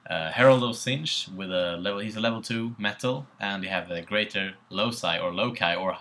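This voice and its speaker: A man's voice: fairly low pitch, brisk, a bit bright. A young Swedish man with a Swedish accent, casually co-hosting a tabletop battle report, laid-back and swearing offhandedly. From Sweden. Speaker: co-host.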